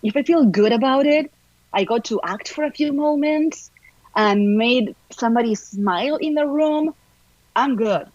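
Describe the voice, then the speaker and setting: A woman from Argentina with an Argentine Spanish accent, an actor chatting as an upbeat, animated podcast guest. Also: on the high side, a little slow, no room sound, lo-fi sound. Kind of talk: casual interview chat.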